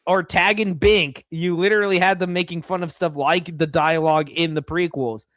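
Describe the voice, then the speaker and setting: A man's voice: fairly high pitch, steady tone, normal speed, a bit bright, no echo, clean studio sound. A man co-hosting a podcast in casual chat, blunt, opinionated and sarcastic. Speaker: podcast co-host.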